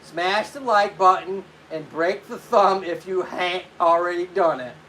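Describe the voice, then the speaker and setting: A man hosts a casual live stream as a physical therapist, chatting loosely, greeting viewers by name and answering their questions. He speaks high-pitched, pushed and bright at a measured pace, with a little hiss or hum.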